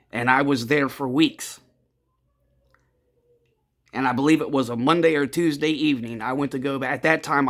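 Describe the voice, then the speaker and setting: A man with a mid-range voice tells his own story casually and bluntly, rambling, swearing freely and calling his listeners gentlemen.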